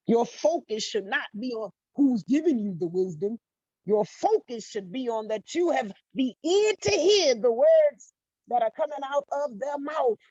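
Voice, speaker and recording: A woman's voice: a little high, vocal fry, warm tone, slightly rough, no echo. A middle-aged woman life coach giving a motivational monologue, emphatic and blunt, repeating her phrases and swearing freely. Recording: dull dry lo-fi recording.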